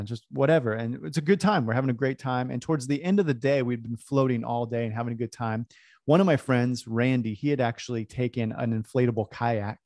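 Animated man telling a story, dry sound. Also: mid-range voice, no echo. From California. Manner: animated, self-deprecating storyteller. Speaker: speaker. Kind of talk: storytelling talk.

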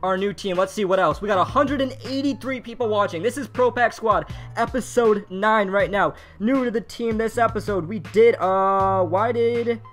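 A young man commentating a live pack-opening stream in a chatty, running way, talking to his viewers as he goes. He swings from easy chatter to loud, giddy outbursts, with soft music playing quietly behind him. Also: high voice, normal speed, hardly any pauses. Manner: excitable, shouts and laughs at big pulls; chatty, reads chat aloud. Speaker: mobile game streamer. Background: faint background music.

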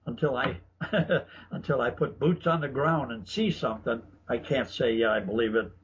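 Through dull, lo-fi broadcast audio carrying faint noise, a man speaks in a mid-range voice at normal speed. As an interviewed author and researcher, he tells stories casually and anecdotally, often restarting his sentences.

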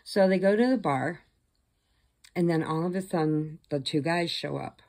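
Low-voiced woman telling a movie story to her camera, chatty and animated. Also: moderate pace. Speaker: crochet vlogger. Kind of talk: casual storytelling, retelling a film plot.

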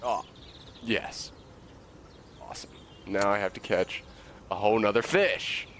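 A young man giving casual commentary on a fishing game, excitable, swearing and coaxing the fish along. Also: on the low side, measured pace, a little hiss or hum. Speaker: gaming video creator.

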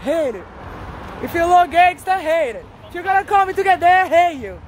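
A woman's voice: extremely high pitch, very animated, a little fast, some chatter behind, slight background noise. A woman ranting bluntly and combatively while walking outdoors on a city street, swearing a lot. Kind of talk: profane street rant.

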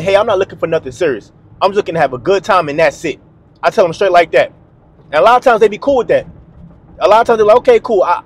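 A man hosting a dating advice video, talking bluntly and emphatically to camera in a slangy, repetitive way. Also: high-pitched. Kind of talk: direct-to-camera advice monologue.

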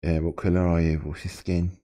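A man on a prank call with a very deep, dark voice. He talks in a creepy, whiny way, stammers and breaks into squeaky yelps. He is mellow in tone but needling throughout. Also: flat delivery, a little fast. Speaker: prank caller.

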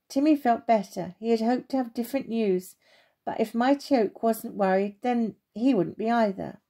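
A woman reading a children's storybook aloud, gentle and expressive. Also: a little high, moderate pace.

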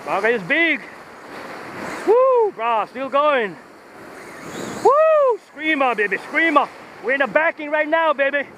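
A man fishing from the shore, whooping and calling out excitedly as he fights a big fish, with surf and wind behind him. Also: extremely high pitch, brisk. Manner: whooping, shouting with excitement, local slang. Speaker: fisherman. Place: outdoors on the shore by the ocean. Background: waves and wind.

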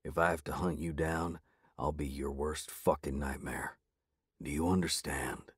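A man's voice: steady tone, unhurried, breathy edge, no room sound, studio quality, heavily acted. A man growling as a huge drawling blue werewolf. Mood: menacing. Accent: East Texas drawl. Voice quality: low growly. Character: huge blue werewolf ex-soldier, gruff and menacing.

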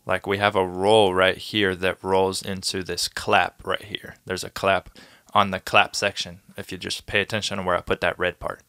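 A man producing music and talking through a tutorial in a relaxed, casual way, sometimes vocalizing drum rhythms. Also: low-pitched, normal speed. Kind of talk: casual screen-recorded tutorial. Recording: music playing behind the voice. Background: beat music playing.

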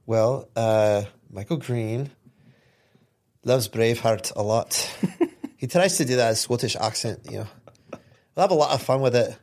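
A man hosting a faith podcast in casual conversation, relaxed and quick to laugh, often trailing off softly. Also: medium pitch. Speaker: podcast host.

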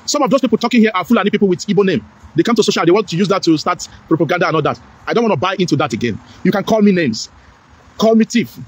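A man's voice: sits high, expressive, racing, breathy edge. A middle-aged Nigerian man with a Pidgin-tinged accent, giving an impassioned, preachy monologue as a political commentator, repeating his points with emphasis.

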